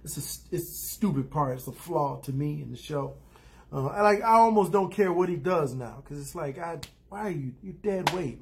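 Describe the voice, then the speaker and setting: A man's voice: a little high, a little mellow. Rambling man recapping a show. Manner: loose and rambling, with many fillers and restarts; acts out characters' lines in quick asides. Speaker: TV episode recapper. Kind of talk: casual spoken recap.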